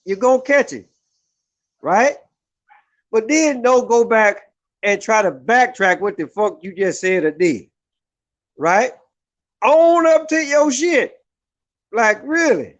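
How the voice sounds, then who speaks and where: A man's voice: sits high, expressive, slow, long pauses, fairly bright tone, dull audio. A man vlogging a heated, profane opinion rant, repeating himself and asking "right?" to the viewers.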